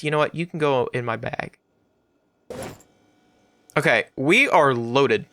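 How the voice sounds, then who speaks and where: A man rambling through casual let's-play commentary as a gaming YouTuber, with sudden loud outbursts and swearing. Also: medium pitch, slow pace, long pauses, no room sound.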